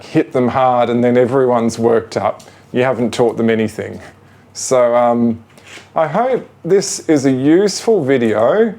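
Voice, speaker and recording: Gentle, rambling man coaching ferrets. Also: mid-range voice. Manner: gentle, patient, coaxing to the animals; rambling with fillers like "you know" and "sort of". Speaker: ferret owner demonstrating training. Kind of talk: casual how-to demonstration.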